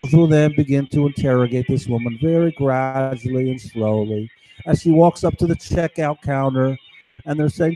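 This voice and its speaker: A man's voice: a little high, measured pace, warm tone, a little hiss or hum, poor audio. A man talking in a rambling, conspiratorial monologue to camera, acting out other people's voices as he goes. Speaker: vlogger.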